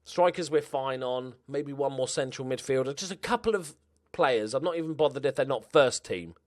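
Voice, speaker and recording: A man talking his way through a football management game in a loose, chatty tone. His voice is dry and close, with no room echo, and it sits at a middling pitch. He jumps up when something happens on the pitch. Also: normal speed. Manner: chatty, reacts loudly to match events, laughs at own jokes. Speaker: gaming YouTuber. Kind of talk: casual game commentary.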